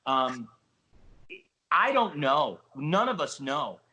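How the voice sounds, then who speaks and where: A middle-aged man with a New Jersey accent, an excitable storyteller giving an interview as a casino host trainer. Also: on the high side, slow pace, low-quality recording. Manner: excitable storyteller, calls listener buddy. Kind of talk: animated interview talk.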